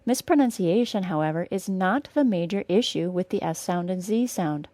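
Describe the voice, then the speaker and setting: A young General American–accented woman from northern Wisconsin gives a pronunciation lesson on her podcast, slowing down to model each sound with care. Her voice is on the low side, animated and warm, in a dry recording.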